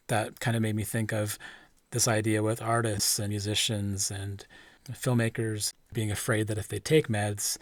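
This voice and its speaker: A man's voice: fairly low pitch, flat delivery, normal speed, no echo. A man from Canada hosting a podcast, asking earnest, conversational questions. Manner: earnest, laughs easily, conversational. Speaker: podcast host. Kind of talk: casual interview questions.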